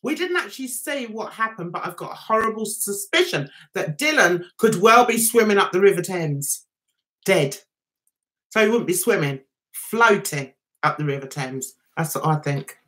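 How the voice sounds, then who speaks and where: A woman's voice: medium pitch, expressive, normal speed, fairly bright tone. A woman with a London Cockney accent hosting a casual livestream, chatting and reading viewer comments aloud. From England. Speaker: livestream host reviewing TV.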